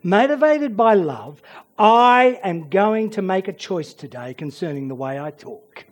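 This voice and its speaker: A man with a notably high voice preaches an earnest sermon at an unhurried pace. He swings between emphatic declarations and hushed, almost whispered lines. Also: sing-song.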